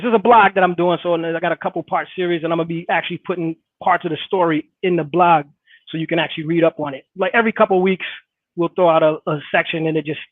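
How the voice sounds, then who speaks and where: High-voiced man on a tinny phone line. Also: dry recording. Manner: easygoing, halting with fillers. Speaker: rapper guest. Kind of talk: casual interview chat. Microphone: remote call.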